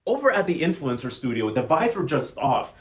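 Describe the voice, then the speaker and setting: Fast-talking sassy young man recapping. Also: fairly high pitch, very animated. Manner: gossipy, sassy slang-filled storytelling. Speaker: recap vlogger. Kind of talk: casual soap opera recap.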